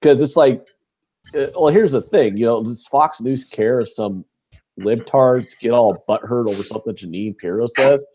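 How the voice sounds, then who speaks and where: A man's voice: medium pitch, moderate pace, mellow, slightly rough, lo-fi sound. A man co-hosting a podcast, talking bluntly and rambling, with frequent swearing and restarts. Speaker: podcast co-host. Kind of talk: casual chat.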